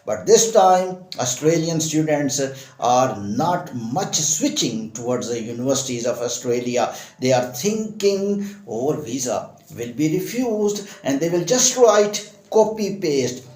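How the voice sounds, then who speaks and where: A man's voice: medium pitch, darkish tone, echoey room, poor audio. A man giving opinionated immigration news commentary, emphatic and impassioned, repeating phrases for stress.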